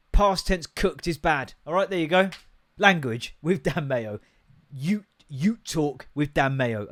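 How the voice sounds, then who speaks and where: A man's voice: fairly high pitch, a bit bright. A British man in his thirties hosting a solo podcast, ranting and rambling with heavy swearing. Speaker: podcast host.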